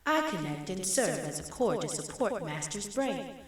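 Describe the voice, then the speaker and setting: A woman voicing a calm female nanomachine that speaks inside someone's head, flat and formal. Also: mid-range voice, normal speed, reverberant, natural voice.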